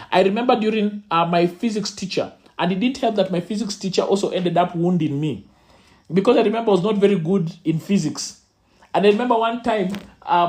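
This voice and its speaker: A Kenyan man gives a storytelling talk with sermon-like flair. He repeats lines for weight and lets his pitch swing widely around a middle register. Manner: animated, dramatic storyteller who repeats phrases for effect. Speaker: youth speaker.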